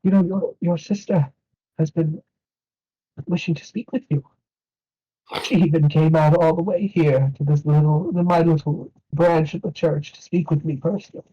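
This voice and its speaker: A man's voice: on the high side, fairly even intonation, normal speed, slightly rough, highs cut off, voice pushed up. A man voicing a wrinkled old male elven priest who is kind and worried, speaking earnestly. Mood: concerned. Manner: earnest, pleading, blessing-giving.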